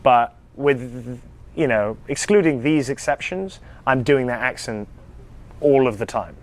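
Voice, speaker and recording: A young British man, an actor, chatting casually in a live fan Q&A, telling stories in an animated, self-amused way with frequent ums and restarts. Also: mid-range voice, a little slow. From United Kingdom. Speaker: actor answering fan questions.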